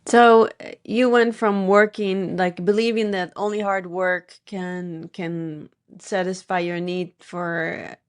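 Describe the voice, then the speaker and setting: A woman's voice: lowish voice, level tone, takes it slowly. A woman hosting a podcast interview, a hypnotherapist who talks earnestly and shares personal stories, stressing points through repetition. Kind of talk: casual interview talk.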